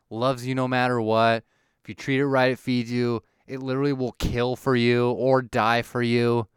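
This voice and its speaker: A man on a comic rant with a very crisp, clean voice, recorded close and dry. He swears freely and keeps working himself up into mock outrage. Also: mid-range voice, dry recording. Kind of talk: ranting monologue.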